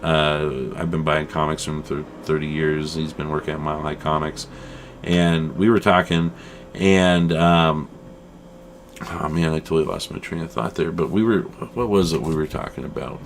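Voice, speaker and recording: A middle-aged man co-hosting a casual chat show, rambling and animated, calling his friend "dude" and "man". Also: a bass voice, normal speed, slight background noise. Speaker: podcast co-host.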